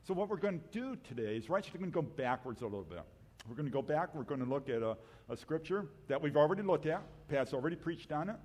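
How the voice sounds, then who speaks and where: A man's voice: fairly high pitch, expressive, a little mellow. A man preaching as a guest speaker in a church, joking about himself and stopping to restart his sentences. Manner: self-deprecating, joking, halting restarts. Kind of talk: sermon. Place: church sanctuary. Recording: long hall reverb.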